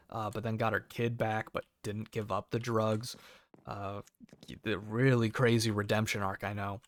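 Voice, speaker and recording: A man's voice: medium pitch, no echo, clean studio sound. A young American man telling a work story in a sarcastic, profane, casual way and acting out the people in it. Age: young adult. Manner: profane, sarcastic, acts out quoted voices. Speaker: cable technician storyteller.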